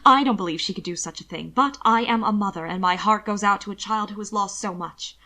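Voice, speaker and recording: A woman voicing a chatty noblewoman and mother who coaxes and gossips eagerly in a lively way. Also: mid-range voice, brisk. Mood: coaxing, gossipy.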